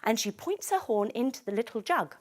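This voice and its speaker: A woman teaching yoga to children through a bedtime story, giving gentle, playful, coaxing instructions. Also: a little high, big pitch swings, fairly quick.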